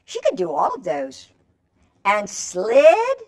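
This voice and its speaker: A woman's voice: sits high, wildly swooping pitch, slow pace, vocal fry, a little mellow. A woman reading a picture book aloud to children, coaxing them to join in with stretches and animal calls. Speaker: children's storyteller.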